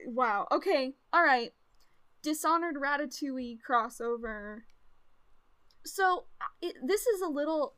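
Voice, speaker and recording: An American woman with a high voice chats on her podcast. She gets excited, rambles through asides and laughs loudly. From United States. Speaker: podcast co-host. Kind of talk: casual podcast chat.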